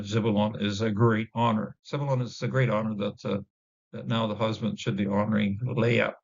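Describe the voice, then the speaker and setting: A man giving an informal Bible word-study lesson, halting with many fillers and restarts, sounding out Hebrew words slowly. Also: fairly low pitch, gravelly. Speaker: Bible teacher. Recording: dull lo-fi recording.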